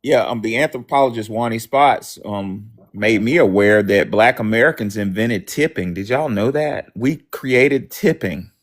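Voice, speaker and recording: A man hosting a panel talk, speaking in a measured way with hesitant fillers. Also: lowish voice.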